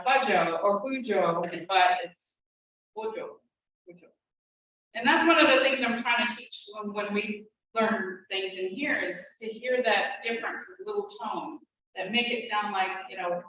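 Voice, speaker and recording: A woman's voice: medium pitch, a bit bright. Chatty woman teacher in an echoey room. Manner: chatty, laughs often, repeats words slowly to drill pronunciation. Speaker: language teacher. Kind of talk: casual class teaching. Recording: roomy, distant, dull, faint hiss.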